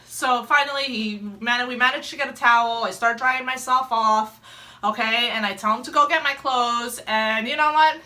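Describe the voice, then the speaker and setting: A young adult woman telling a personal story in a casual vlog, animated and laughing often as she acts out her own quotes. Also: fairly high pitch, normal speed. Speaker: mom vlogger telling a story.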